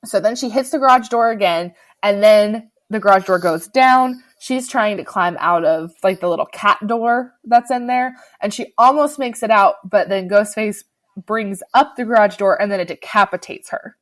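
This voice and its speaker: A woman's voice: mid-range voice, moderate pace. A woman co-hosting a podcast, eagerly retelling a horror film scene in casual chat. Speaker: podcast co-host.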